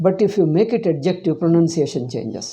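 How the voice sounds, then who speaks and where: A man's voice: fairly high pitch, very animated, fast talker, warm tone. Older Indian man explaining pronunciation patiently. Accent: Indian English. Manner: patient, explanatory, repeats words to model pronunciation. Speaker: Sanskrit teacher. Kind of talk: informal class discussion.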